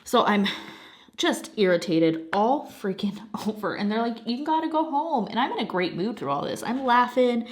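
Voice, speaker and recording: A young adult woman chats casually over her craft project. She tells stories in an animated way, laughs often and swears now and then. Her voice is a little snuffly from a lingering cold. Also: mid-range voice, moderate pace. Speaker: craft channel host. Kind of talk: casual chat while diamond painting.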